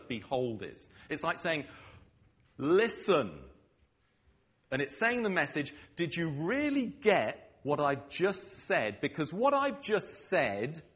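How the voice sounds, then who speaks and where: Emphatic preacher with an English accent. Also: male voice, a little high, a bit bright. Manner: emphatic, checks in with listeners with repeated "okay?". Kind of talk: sermon.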